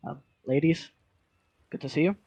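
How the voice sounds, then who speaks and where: A man's voice: fairly high pitch, normal speed, creaky, dark tone, slightly rough, no echo. A man voicing a stern noble knight who heads a great house, speaking in a curt, commanding way.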